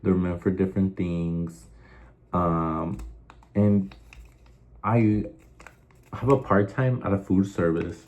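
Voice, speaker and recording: A man's voice: sits low, steady tone, slow, pauses often, darkish tone, highs cut off. A young man hosting a casual chat show, rambling through stories with lots of fillers and swearing. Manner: rambling, profane, filler-heavy storytelling. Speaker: host.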